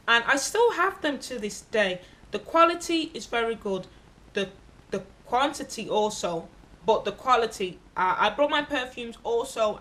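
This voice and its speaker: A woman with a bright, fairly high voice tells the story of a solo trip. She speaks candidly and bluntly, swears freely, and acts out the people she met along the way. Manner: candid and expressive, acting out other people in her stories. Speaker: travel vlogger. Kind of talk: casual travel vlog storytelling.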